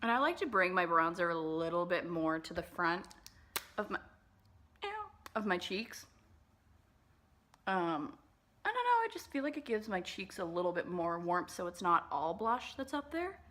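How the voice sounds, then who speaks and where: A woman's voice: on the low side, big pitch swings, moderate pace, sharp tone. A woman vlogger chatting casually through a makeup tutorial, bubbly and full of fillers, sometimes dropping into whispered asides. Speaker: beauty vlogger.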